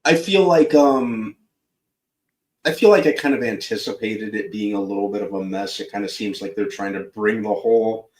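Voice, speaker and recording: A man co-hosting an entertainment show, chatting casually and hesitantly, with many pauses and fillers. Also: fairly low pitch, darkish tone. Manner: hesitant, many ums, repeats himself. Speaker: podcast co-host. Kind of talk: casual chat. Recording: roomy echo, distant from mic.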